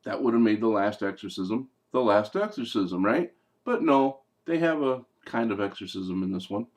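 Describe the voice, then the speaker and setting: A man's voice: fairly low pitch, lively intonation, normal speed. A man giving a casual, rambling movie review, full of fillers, digressions and jokey asides. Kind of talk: casual film review vlog.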